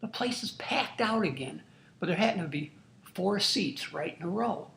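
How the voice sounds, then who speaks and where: A man's voice: high voice, animated, normal speed, gravelly, a bit bright. An older man, a grandfather, telling a true family story to his grandchildren in a folksy, earnest, marveling way. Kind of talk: casual spoken storytelling. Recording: roomy echo.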